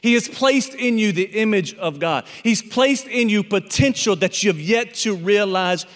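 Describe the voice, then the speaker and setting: A male pastor delivers a sermon with a notably high voice, spinning a parable and slipping into the voices of its animal characters. His words ring out with the long reverb of a large church hall. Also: expressive, moderate pace.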